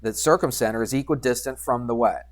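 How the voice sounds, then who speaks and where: Male math teacher, easygoing classroom delivery, quizzes the class, mutters while clicking through software. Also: mid-range voice, fairly quick. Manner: conversational, asks students questions and answers himself; talks while working drawing software, mutters asides. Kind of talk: classroom geometry lesson.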